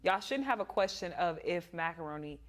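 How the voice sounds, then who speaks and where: Female co-host, animated, expressive, laughs easily. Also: lowish voice, brisk. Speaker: youth show co-host. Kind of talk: casual church youth show chat.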